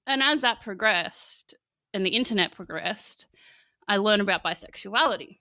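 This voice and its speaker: Chatty young Australian woman, smooth voice. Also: medium pitch, animated, normal speed, pushed and bright, dry recording. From country Victoria, Australia. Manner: chatty, laughs often, fills with "like". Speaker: podcast guest. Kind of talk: candid casual conversation.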